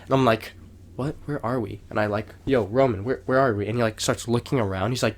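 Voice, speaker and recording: A young man co-hosting a podcast tells a long story in casual chat, speaking quickly with a fairly low voice. He rambles, swears a lot, and raises his voice to act out quotes in a lively retelling.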